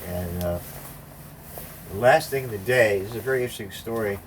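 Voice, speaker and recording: A fairly low-pitched older male voice, moving fairly quickly, carries a loose, cuss-filled anecdote in casual talk. He performs the voices of the story's characters. The recording comes from a distant mic with faint background noise.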